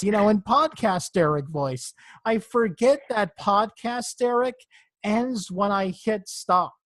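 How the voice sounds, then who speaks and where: A man hosting a podcast in relaxed, chatty conversation. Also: high-pitched, measured pace, dry recording. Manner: relaxed, chatty, laughs easily. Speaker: podcast host. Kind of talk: casual chat.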